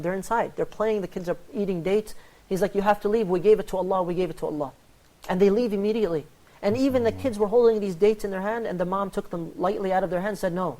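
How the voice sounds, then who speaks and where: Fast-talking man hosting a religious talk. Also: high-pitched. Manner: animated storyteller, acts out quoted dialogue. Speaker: host. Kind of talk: religious panel talk on charity.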